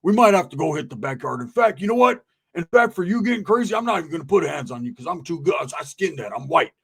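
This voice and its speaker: A man putting on a blustering, gravelly white burnout. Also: a little high, very animated, quick pace, fairly bright tone, heavily acted. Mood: threatening. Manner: blustering, profane, calls everyone brother. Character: angry broke white man, crude, hot-tempered.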